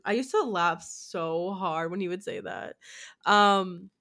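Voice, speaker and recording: A young woman in her twenties hosting a podcast, chatting casually with lively, rambling talk and free swearing. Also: fairly low pitch, slow. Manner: animated, rambling, swears freely. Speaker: podcast host. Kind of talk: casual chat.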